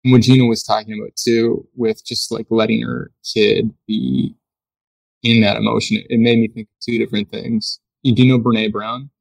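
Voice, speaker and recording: A man as a podcast guest and mindfulness coach, speaking slowly and thoughtfully with some restarts, in casual chat. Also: on the low side, flat delivery, creaky. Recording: voice distant from the mic.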